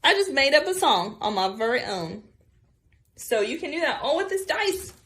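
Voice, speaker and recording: A woman's voice: sits high, big pitch swings, moderate pace, fairly bright tone. A young woman teaching a music lesson to children at home, chatty and cheerful, often saying y'all.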